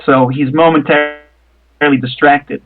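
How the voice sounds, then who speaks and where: A man's voice: fairly high pitch, steady tone, normal speed, soft background music. A man running a tabletop game as game master, rambling with many fillers and the odd swear word. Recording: tinny phone-like line.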